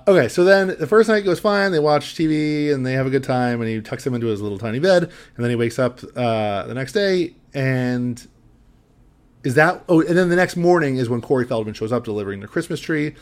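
A man's voice: mid-range voice, animated, brisk. A man co-hosting a podcast, recapping a film in casual chat, rambling with lots of fillers and easy laughs. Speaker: podcast co-host.

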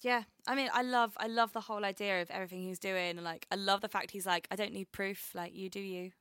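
A woman's voice: medium pitch, steady tone, fast talker, a bit bright, clean tone, dry recording, studio quality. A young woman co-hosting a podcast in casual chat, laughing often and acting out quotes. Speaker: podcast co-host.

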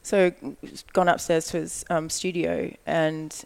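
A woman tells a long personal story as a podcast guest, her voice carrying a gravelly, creaky texture. She talks fast and loose, filling her speech with "like" and slipping into the voices of the people in the story. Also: low voice. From Australia. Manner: animated storytelling, acts out quoted lines, frequent "like". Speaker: guest, model. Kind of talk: casual storytelling chat.

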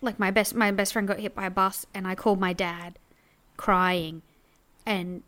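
A young woman co-hosting a casual chat, telling stories in an animated way and slipping into voices when she quotes people. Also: medium pitch, moderate pace. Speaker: podcast co-host. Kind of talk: casual chat recapping a reality show.

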